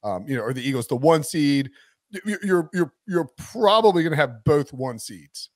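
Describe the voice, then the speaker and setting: A man's voice: a little high, lively intonation, moderate pace, dry recording, studio quality. A man hosting a casual sports podcast, thinking aloud in a jokey, rambling way. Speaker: podcast host.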